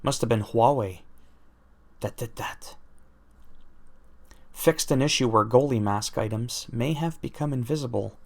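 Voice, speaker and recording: A man's voice: medium pitch, normal speed, creaky, few pauses. A man reading out video game patch notes aloud, breaking off with self-deprecating jokes and laughing at his own asides. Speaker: gaming YouTuber.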